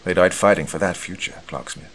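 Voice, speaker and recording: A man voicing a calm, confident squad leader who gives steady orders. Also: sits low, a little fast, a little hiss or hum. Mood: consoling.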